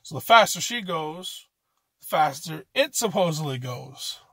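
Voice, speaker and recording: Canadian guy doing amateur standup, highish voice, swears a ton, rambles and restarts, dry sound. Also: expressive, unhurried, bright, forceful tone, husky, dry recording. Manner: profane, rambling rant with frequent restarts. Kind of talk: stand-up comedy set.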